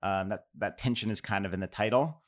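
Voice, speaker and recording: A man's voice: lowish voice, a little fast. A middle-aged man from New York, a poet telling a casual anecdote with fillers and restarts, then reading his poems aloud. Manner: relaxed, self-deprecating, many fillers and restarts.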